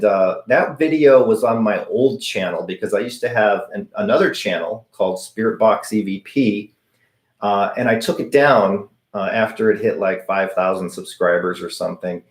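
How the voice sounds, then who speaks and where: A middle-aged man hosting a live viewer Q&A, telling stories casually and acting out the voices he quotes. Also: on the low side. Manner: chatty, anecdotal, acts out quoted voices. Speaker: host of a paranormal channel answering viewer questions. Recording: echoey room.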